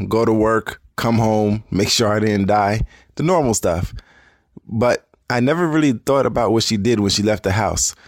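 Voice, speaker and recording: Man, low voice, reflective storyteller, dry close sound. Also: dry recording. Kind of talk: personal storytelling.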